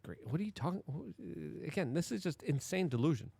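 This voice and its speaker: An animated man delivering commentary to camera, his pitch swinging widely as he presses rhetorical questions. The sound is dry and close, with no room around it. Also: a little fast, gravelly, husky, no echo. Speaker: political commentary host.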